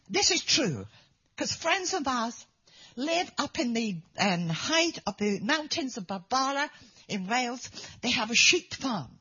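Woman preacher, breathy and husky, slow dramatic storytelling in a dull lo-fi recording. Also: a little high, bright, forceful tone. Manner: dramatic, drops to whispers for emphasis. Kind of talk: sermon storytelling.

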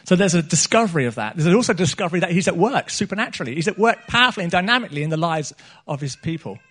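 A man's voice: sits high, animated, rapid-fire, fairly bright tone, slightly rough. A middle-aged man, preaching a sermon in a church meeting and often restarting his phrases. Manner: earnest, repeats himself and restarts phrases.

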